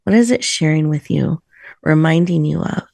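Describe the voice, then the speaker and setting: A woman hosting a video-call show, leading a slow, soothing guided breathing meditation. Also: low-pitched, gravelly, dry recording. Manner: soft, slow, soothing guidance. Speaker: host. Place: virtual room, video call.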